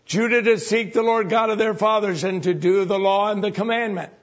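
A man preaching a sermon in a folksy, conversational way, often jumping up in pitch and volume for emphasis. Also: fairly even intonation, a little fast, muffled recording.

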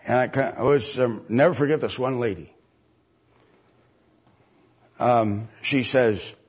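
Husky preacher guy, emphatic, kinda muffled lo-fi sound. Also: medium pitch, slow pace, long pauses. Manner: emphatic, mocking voices when quoting others. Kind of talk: sermon. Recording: dull lo-fi recording.

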